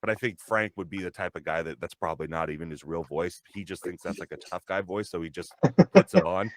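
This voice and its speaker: Low-voiced man chatting loosely. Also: fast talker, dry recording. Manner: rambling, restarts a lot, laughs at himself. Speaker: voice actor. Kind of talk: casual chat.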